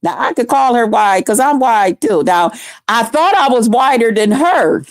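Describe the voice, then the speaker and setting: A woman hosting a live stream, ranting in a blunt, profane, mocking way with drawn-out emphasis. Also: a little high, expressive, dry recording, clean studio sound.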